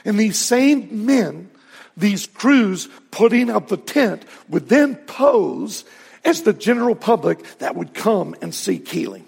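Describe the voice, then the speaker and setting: Gravelly high-voiced pastor preaching. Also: male voice, animated, slow, a little mellow, in a large hall. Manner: earnest, rising to emphatic peaks. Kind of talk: sermon.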